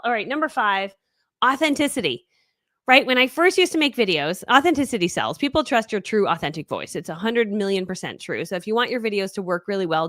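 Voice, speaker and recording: Bubbly woman coach on a live stream, super fast, dry close mic sound. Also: a bit bright, dry recording. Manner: fast-talking, high-energy, bubbly. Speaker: online business coach. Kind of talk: live webinar teaching.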